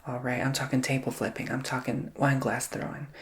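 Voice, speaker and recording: A man giving a chatty, theatrical ASMR tarot reading that keeps dropping into soft whispers. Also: mid-range voice, level tone, fairly quick.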